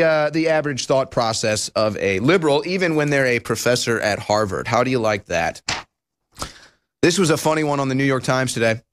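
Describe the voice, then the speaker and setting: A man's voice: fairly high pitch, fairly bright tone. A man hosting a political talk show, delivering sarcastic, mocking and emphatic commentary.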